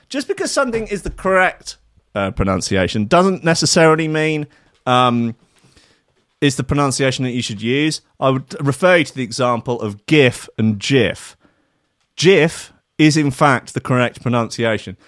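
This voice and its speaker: A man's voice: mid-range voice, big pitch swings, moderate pace, a bit bright, no echo, clean studio sound. A man, working as a radio DJ, chatting casually and ranting sarcastically between records with plenty of swearing.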